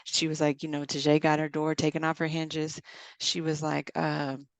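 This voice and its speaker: A woman's voice: low voice, monotone, moderate pace, dry recording. A middle-aged woman in casual chat, telling stories and quoting others in dialogue as a podcast co-host.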